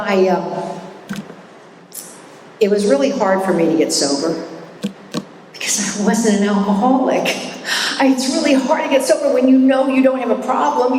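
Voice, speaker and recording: At a recovery meeting in a hall, a middle-aged woman shares her personal story, candid and self-mocking, chatting along with frequent restarts. Her voice sits on the high side, and the echoey recording was made from afar with background noise.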